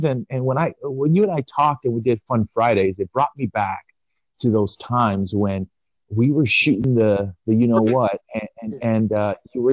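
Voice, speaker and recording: A man in his forties co-hosts a casual audio chat. He muses out loud, rambling and reflective, and drags his phrases into long pauses. The sound is dull and lo-fi, recorded close and dry. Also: mid-range voice, no echo. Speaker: podcast co-host.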